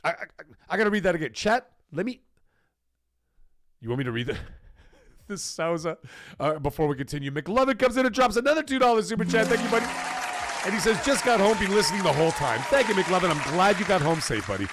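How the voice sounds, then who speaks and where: A man hosting a live stream, talking in a casual, emphatic and repetitive way, his voice getting hoarse. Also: high voice, expressive, fast, pauses often, a bit bright, no room sound, studio quality, some chatter behind. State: voice going hoarse. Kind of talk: casual live-stream chat reading donations.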